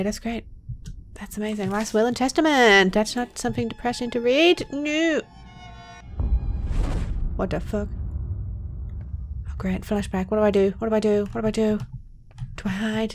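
A young woman hosting a horror game let's play, joking and swearing, swinging between loud outbursts and whispers. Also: mid-range voice, normal speed, pauses often, faint music behind. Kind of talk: gameplay commentary.

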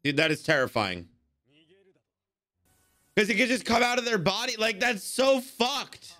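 Excitable man reacting to anime, very high bright voice, lively swings, frequent swearing. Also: a little slow. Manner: excitable, swearing, exclaiming at the screen. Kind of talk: casual reaction commentary.

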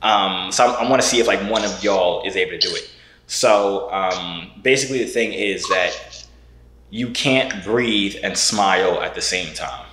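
Teasing young man with a lowish voice. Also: normal speed, fairly bright tone, roomy sound, a little hiss or hum. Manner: teasing, playful, mock-serious. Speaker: vlogger. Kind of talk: prank video-call chat.

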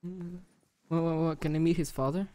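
A man's voice: on the high side, fairly even intonation, mellow. A young man chatting casually while playing a video game, cracking crude jokes and teasing his friend. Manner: playful, crude joking, quick laughter. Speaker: gamer. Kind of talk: casual gameplay banter.

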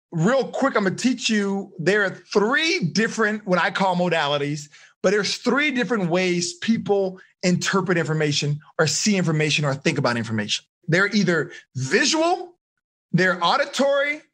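High, bright-voiced energetic male life coach. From United States. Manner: energetic, animated, addresses audience with frequent okay and like. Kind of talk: live seminar teaching.

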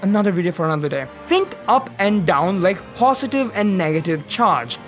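Sarcastic, lively science explainer. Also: mid-range voice, brisk, soft background music. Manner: sarcastic, exasperated, swears for comic effect. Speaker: science YouTuber. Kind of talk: comedic educational monologue.

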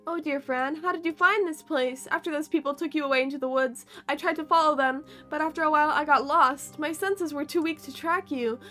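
Loving tired pet cat, read by a woman: soft, tender, high. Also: fairly quick, few pauses.

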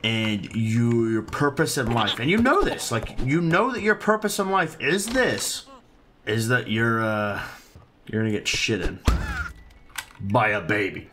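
A man's voice: mid-range voice, big pitch swings, measured pace, noisy background. A man giving casual, profane let's-play commentary and teasing the baby in the game. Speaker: gaming channel host.

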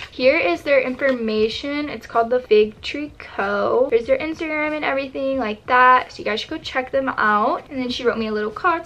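A woman's voice: a little high, sharp tone, a little hiss or hum. A teenage girl vlogging as she opens fan mail, bubbly and gushing, with plenty of "like" fillers. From Texas. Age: teens. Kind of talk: casual mail-opening vlog.

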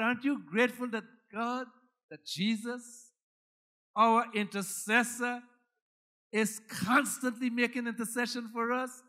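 A male pastor delivering a sermon in a high, bright, sharp voice. He speaks slowly and drives his points home with emphasis. His delivery swings from soft asides to ringing shouts. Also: little pitch movement.

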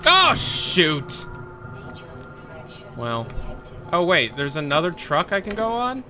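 A man with a fairly high, very animated voice talks slowly while streaming a game through a desk mic, with music playing behind him. He rambles, swears and jokes as he plays, giving casual live commentary.

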